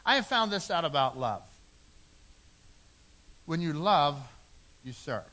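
Middle-aged pastor guy preaching, earnest, repeats stuff for emphasis, bright tone. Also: a little high, sing-song, takes it slowly. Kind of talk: sermon.

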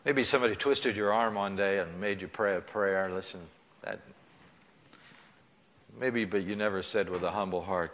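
A male pastor preaching an impassioned sermon in a church, swinging between loud pleading and hushed, soft tones. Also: low-pitched, normal speed, long pauses, slight background noise. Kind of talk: sermon with altar call. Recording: long church reverb.

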